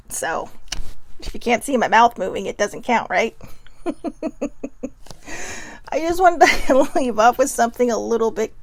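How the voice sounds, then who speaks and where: A woman's voice: on the high side, expressive, measured pace, long pauses. A woman hosting a casual motivational talk to camera, frank and swearing freely, with many asides to her viewers. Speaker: host.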